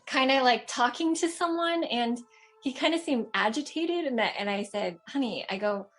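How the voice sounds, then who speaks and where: A woman's voice: high voice, animated, normal speed, a bit bright. A woman in her thirties from Los Angeles, calling in to tell a personal story in a casual, rambling way, with many fillers and restarts. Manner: chatty, many fillers and restarts, laughs often. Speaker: caller sharing a story.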